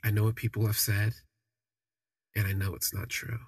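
A stern, gruff older man speaks quietly and evenly, as a storyteller puts him on. The voice is low and heavily husky, with a gravelly edge. Underneath the sternness there is a gruff kindness. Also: flat delivery, moderate pace. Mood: earnest.

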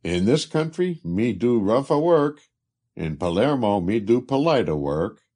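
A man's voice: lowish voice, huge pitch swings, slow, a little mellow, breathy edge, pitched above the performer's own voice, exaggerated voice. A man voicing Colin, a playful travel companion who mimics others. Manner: teasing, mimicking.

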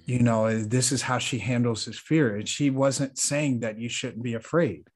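Husky, earnest man telling a story. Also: medium pitch, fairly even intonation, moderate pace. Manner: earnest, reflective, laughs often. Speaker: podcast co-host. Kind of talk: casual storytelling chat.

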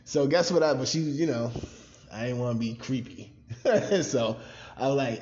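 A man from Maryland telling a wild personal story on a podcast, animated and profane, laughing often. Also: medium pitch, moderate pace, highs cut off, slight background noise. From Maryland, USA. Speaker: podcast cast member. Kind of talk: casual storytelling.

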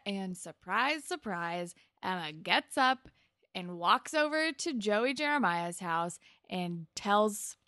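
A woman's voice: mid-range voice, sharp tone, no echo, studio quality. A young woman chatting casually as a podcast co-host, retelling a TV episode's plot and acting out the characters' lines. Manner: chatty plot retelling, acts out quotes, laughs often. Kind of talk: casual TV recap chat.

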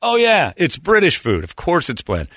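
A man's voice: fairly high pitch, normal speed, no room sound, studio quality. An American man in his forties hosting a casual talk show, telling stories animatedly and slipping into mimicked voices. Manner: animated storyteller, mimics accents and other voices. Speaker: radio show host. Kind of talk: casual chat.

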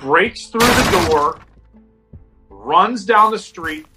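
A man's voice: high voice, drawn-out words, loud music behind the voice, rough recording. A man casually telling a spooky story, acting out the people in it. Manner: animated, acts out quotes. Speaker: guest storyteller.

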